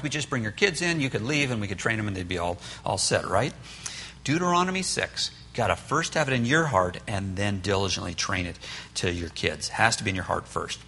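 Man, church teacher, sermon-style, earnest, storytelling, animated pitch, faint hum. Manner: earnest storytelling, acts out quotes. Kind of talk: sermon-style parenting class.

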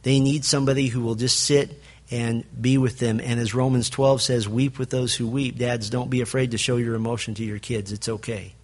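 A man preaching a sermon to fathers, telling stories in an animated way and acting out the people in them. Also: mid-range voice, normal speed. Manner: animated storytelling, acts out quoted voices. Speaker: pastor.

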